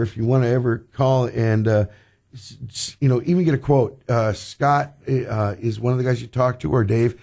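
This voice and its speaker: A man's voice: mid-range voice, gravelly, dark tone. A man hosting a talk radio show, chatting in a loose, rambling way with many fillers. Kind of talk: casual talk radio chat.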